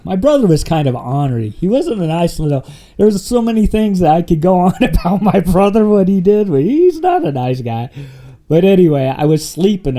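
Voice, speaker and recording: A man's voice: a little high, warm tone. A man telling his life story as an interview guest, rambling and laughing often, with many fillers and restarts. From Wyoming and Montana, USA. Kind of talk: casual conversational storytelling.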